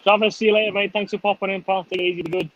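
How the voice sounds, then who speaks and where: A man's voice: high voice, flat delivery, rapid-fire, a bit bright, highs cut off. A middle-aged man hosting a casual chat, laughing and swearing freely. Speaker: host.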